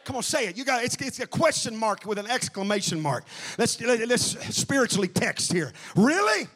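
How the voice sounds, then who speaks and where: A man preaching an impassioned revival sermon, shouting and calling out to the congregation. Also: sits high, lively intonation, fairly quick.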